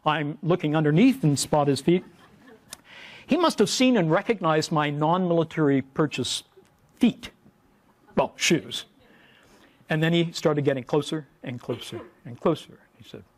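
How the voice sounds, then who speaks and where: A male professor giving a humorous lecture from a podium, telling stories wryly and adding playful sound effects. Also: fairly high pitch.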